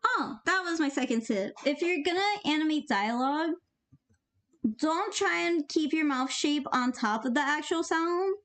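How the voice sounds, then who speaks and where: High-voiced young woman rambling casually. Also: expressive, normal speed, a bit bright. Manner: rambling, jokey, gives offhand tips. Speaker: animator. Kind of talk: casual commentary while working.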